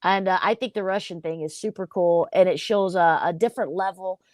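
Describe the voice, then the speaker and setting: A woman's voice: fairly low pitch, a little fast, darkish tone. A woman with a Southern US twang co-hosts a casual chat. She talks in an easygoing, folksy way. Her voice sounds dry and close, with no room echo. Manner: chatty and easygoing, with folksy phrasing. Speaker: co-host.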